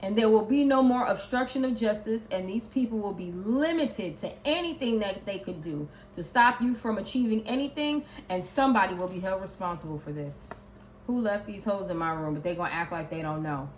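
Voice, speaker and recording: A woman's voice: medium pitch, lively intonation, brisk. A woman giving a tarot reading, talking emphatically and repeating her points as she lists card meanings. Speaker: tarot reader. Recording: echoey room with faint ambient noise.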